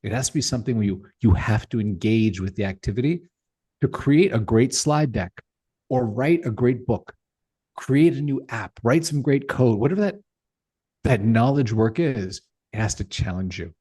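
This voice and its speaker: A man's voice: mid-range voice, expressive, normal speed, warm tone, slightly rough. A middle-aged man speaking as a podcast guest, talking passionately and emphatically with rhetorical questions. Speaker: podcast guest, tech founder. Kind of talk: animated interview talk.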